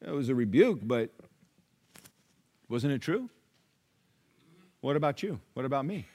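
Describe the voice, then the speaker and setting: A pastor delivers a conversational, dynamic sermon in a mid-range voice, very animated though a little slow. He swings from loud, emphatic lines to hushed asides and acts out how his listeners might reply.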